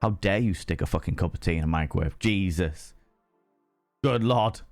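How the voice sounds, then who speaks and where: Husky, flamboyant male streamer. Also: normal speed, dry recording, faint music behind. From Ireland. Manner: theatrical, flamboyant, leaps into high mock voices. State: slightly hoarse and husky from drinking. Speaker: livestream host. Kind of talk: casual chat reading viewer messages.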